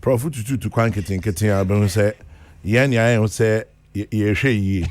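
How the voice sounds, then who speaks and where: A Ghanaian man hosting a morning radio discussion, briskly introducing guests and giving frequent short affirmations. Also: fairly low pitch. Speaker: radio host. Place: radio studio.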